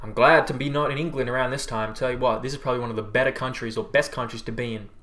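An Australian livestreamer and health coach races through a casual chat, rambling, reading viewer comments, and swearing freely in a relaxed manner. His mid-range voice has fairly even intonation and a fairly bright tone.

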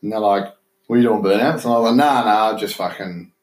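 A man's voice: lowish voice, fast talker. A young Australian man in casual chat, rambling through a story, swearing freely and laughing as he mimics others. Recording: roomy echo.

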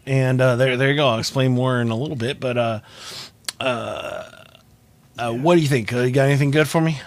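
Rambling young dad hosting a podcast. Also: male voice, mid-range voice, steady tone, fairly quick, no room sound. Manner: rambling storyteller, many fillers and restarts. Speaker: podcast host. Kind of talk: casual podcast chat.

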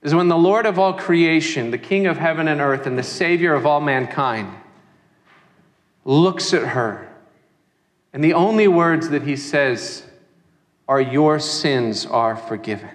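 A man preaching a sermon as a pastor, animated and acting out the voices of people he quotes. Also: on the high side, a little slow, in a large hall.

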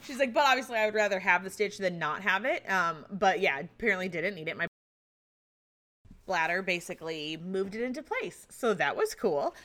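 A woman's voice: medium pitch, expressive, moderate pace, pushed and bright. A woman casually telling a personal story, chatty and candid, swearing freely and laughing often. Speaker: vlogger recounting a personal experience.

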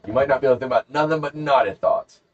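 A man's voice: mid-range voice, very fast, dull audio, slight background noise. A man hosting a podcast, casually telling a rambling, jokey story and acting out the characters. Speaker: podcast host.

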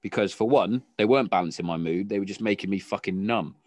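A man's voice: low voice, quick pace, a little mellow, no echo. A British man hosting a casual podcast chat, talking in a sweary, rambling way with frequent restarts. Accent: British English. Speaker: podcast host.

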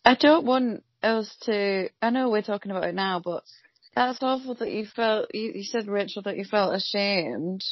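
Woman, gravelly voice, dry dull recording, chatty. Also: medium pitch, normal speed, dry recording. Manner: sympathetic, chatty storyteller. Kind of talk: casual chat.

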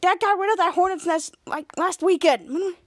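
A woman's voice: extremely high pitch, moderate pace, no room sound, studio quality, voice pushed up. A woman voicing a cranky teenage boy sidekick who complains in a whiny, exasperated way.

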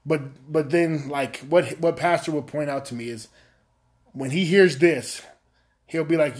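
Subdued, monotone male podcast host. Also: unhurried. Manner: subdued, low-energy monotone delivery; rambling, self-deprecating. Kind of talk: casual chat.

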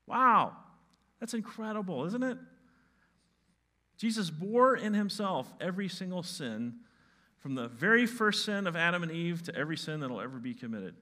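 A male pastor giving a sermon, moving from hushed, soft lines to loud, emphatic ones. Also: high-pitched, lively intonation, normal speed.

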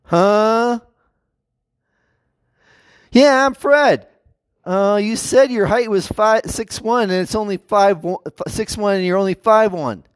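A man's voice: high voice, slow, long pauses, clean tone, no echo, pitched above the performer's own voice. A breezy, cheerful short man meets his date at the airport, put on by a man. He talks in a slightly raised, matter-of-fact voice. The sound is dry and close.

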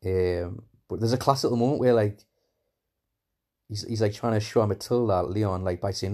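A lowish, dark-toned male voice, animated and fairly quick, casually recounts a film scene by scene. The recap rambles along with many fillers and enthusiastic asides, and he keeps calling scenes "class".

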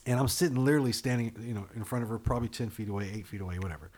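A man in casual chat, telling profane stories with animated acted-out quotes. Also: medium pitch, rapid-fire.

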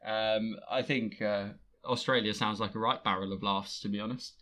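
A man's voice: lowish voice, steady tone, normal speed, a bit bright. A man hosting a casual podcast chat, self-mocking and rambling with restarts. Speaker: podcast host.

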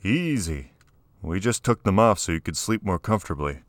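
A man voicing a gentle prisoner doctor. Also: deep voice, animated, moderate pace, dry recording. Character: mild-mannered adult male prisoner doctor.

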